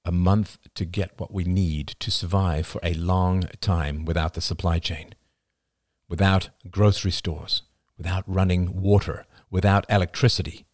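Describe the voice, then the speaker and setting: A man's voice: low voice, steady tone, unhurried, no echo. A man voicing Oliver, an earnest young man lecturing his friends with growing intensity about coming collapse. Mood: urgent lecturing.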